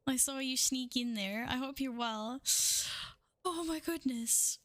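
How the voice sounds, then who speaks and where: A woman streamer talks into a studio microphone with a high, bright, sharp-edged voice. She drags her words out slowly, shaking with excitement as she swears and gushes thanks. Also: no room sound. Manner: stunned, gushing thanks with frequent swearing and laughter. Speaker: livestreamer. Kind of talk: casual stream chat. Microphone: studio microphone with windscreen.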